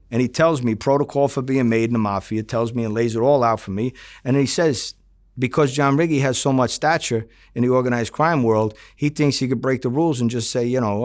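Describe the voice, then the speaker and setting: A man's voice: medium pitch, fairly quick, a little mellow. A middle-aged man, a former undercover agent, telling his story in an interview, acting out quoted dialogue and swearing freely.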